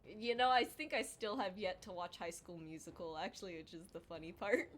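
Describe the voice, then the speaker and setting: A woman's voice: lowish voice, a little fast, fairly bright tone, a little hiss or hum. A young woman chatting casually on a livestream while she draws, rambling and self-deprecating, with lots of filler words and playful exaggerated quotes. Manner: acts out quoted voices in exaggerated tones. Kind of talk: casual chat while drawing on stream.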